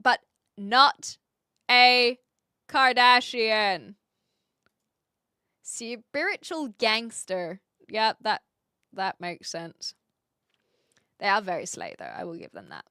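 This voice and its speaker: Young woman streamer, casual chat, chatty and scattered, high and animated voice, slow unhurried delivery. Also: clear, resonant tone, dry recording, studio quality. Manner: chatty, scattered, frequent fillers and restarts. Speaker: livestream host. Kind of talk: casual livestream chat with viewers.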